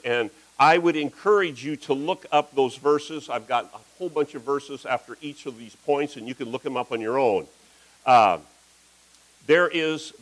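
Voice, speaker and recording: A middle-aged man preaching a sermon as pastor, telling a story with animated delivery and acting out the voices of the people in it. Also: a little high, low-quality recording.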